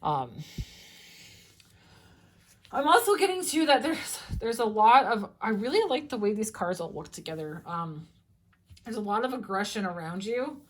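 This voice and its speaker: A woman's voice: mid-range voice, expressive, normal speed, long pauses. A young woman giving a casual tarot reading, chatty and loose, swearing freely and restarting her sentences often. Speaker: tarot reader.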